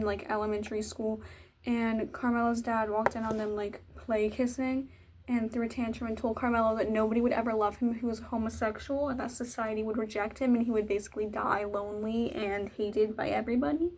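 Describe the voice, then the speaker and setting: A woman's voice: fairly high pitch, darkish tone. A young woman from Virginia chatting casually while doing her makeup, rambling and poking fun at herself. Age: young adult. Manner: rambling, self-mocking, chatty. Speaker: vlogger. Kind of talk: casual get-ready-with-me chat.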